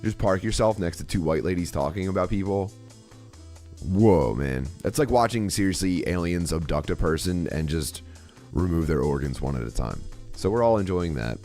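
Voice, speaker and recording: A man with a low voice rambles through a story to his stream, interrupting himself and swearing freely. His pitch swings widely as he tells it, and faint music plays behind him. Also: expressive, moderate pace, a little mellow. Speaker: streamer host. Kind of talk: casual storytelling to a live chat.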